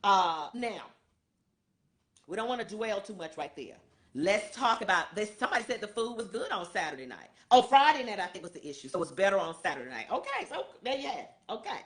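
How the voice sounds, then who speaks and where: A woman hosting a show, recapping an event in a casual, animated storytelling way, acting out what people said. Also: mid-range voice, a little fast. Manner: animated storytelling, acts out quotes. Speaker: show host.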